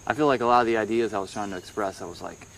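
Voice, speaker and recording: Rambling low-voiced young man. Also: gravelly, fairly bright tone, slight background noise. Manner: rambling, halting, many restarts. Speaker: podcast co-host, musician. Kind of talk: casual phone chat.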